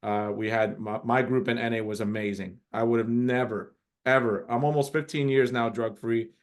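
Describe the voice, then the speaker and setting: A man's voice: mid-range voice, steady tone, moderate pace. A middle-aged man hosting a casual group coaching call, talking in an encouraging, rambling way with frequent restarts.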